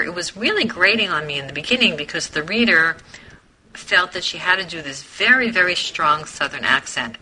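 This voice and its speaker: A woman's voice: low-pitched, bright, forceful tone, a little hiss or hum, low-quality recording. A woman in a book club chat, giving her views in a frank, mildly irked way. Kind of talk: casual group chat.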